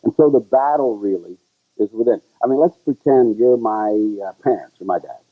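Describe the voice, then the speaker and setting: A man co-hosting a casual chat, telling a story with lively sung bits. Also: normal speed, slightly rough. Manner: animated storyteller who sings high "la la" bits. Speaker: show co-host. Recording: tinny, phone-like, lo-fi sound.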